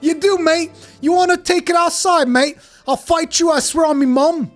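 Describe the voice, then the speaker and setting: A man doing a shouty, brawling Cockney bloke. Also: extremely high pitch, fairly even intonation, normal speed, soft background music, voice pushed up. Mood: taunting. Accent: exaggerated Cockney. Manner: shouting, taunting, confrontational. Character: brash angry Cockney bloke spoiling for a fight.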